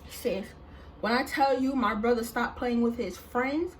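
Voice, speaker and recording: A woman vlogger telling a casual storytime in an animated, slangy, rambling way, full of fillers. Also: fairly high pitch, measured pace, slight background noise. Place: indoors, standing.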